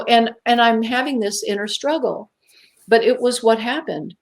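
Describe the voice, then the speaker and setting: A woman, a talk-show guest, recounts a personal experience in an emphatic, vivid way. She leans on dramatic pauses and acts out the voices in her own head. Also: fairly high pitch.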